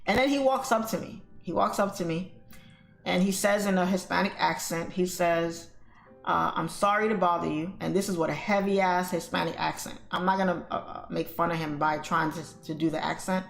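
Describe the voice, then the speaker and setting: A woman's voice: on the low side, steady tone, moderate pace, gravelly. A woman hosting a trading livestream, chatting casually to her viewers as she tells a story. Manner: chatty, addresses viewers as y'all and guys. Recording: echoey room with faint music.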